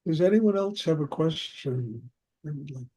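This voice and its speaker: An older man, a spiritual teacher, chats through personal stories during a question-and-answer talk, laughing often and saying "you know" a lot. His voice is fairly high, expressive and mellow, at a moderate pace.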